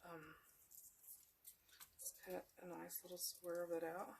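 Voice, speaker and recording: Speaking slowly and completely flat, a woman with a fairly low, creaky voice hosts a craft tutorial, with a little hiss or hum in the recording. She chats casually and meanderingly to viewers as she works, sounding a little sleepy and yawning.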